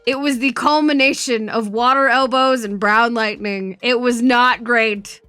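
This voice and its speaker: Woman streamer, high voice, dry close sound, faint music behind, animated, swearing, laughing a lot. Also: unhurried, clean tone, dry recording. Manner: animated, profane storytelling with frequent laughter. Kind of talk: casual chat.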